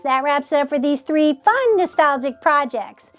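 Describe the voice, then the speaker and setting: A woman's voice: sits high, lively intonation, fairly bright tone, faint music behind. A woman hosting a casual crafting tutorial, walking through each step in a chatty way and gushing over the results. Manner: gushing, gasps and squeals over her crafts; unhurried, chatty step-by-step explaining. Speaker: DIY craft channel host.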